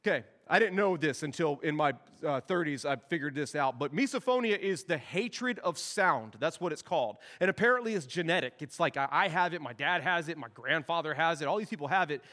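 High-voiced joking youth pastor in a hall. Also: male voice, lively intonation, fairly quick, hardly any pauses, pushed and bright. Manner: joking, storytelling, acts out dialogue. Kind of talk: sermon.

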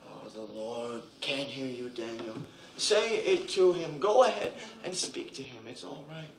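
A man's voice: medium pitch, unhurried, a crowd in the background, close to an everyday voice. A man playing a fervent film preacher, distant and echoey. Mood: urging. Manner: coaxing, then shouting commands. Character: adult male preacher urging a sinner to confess.

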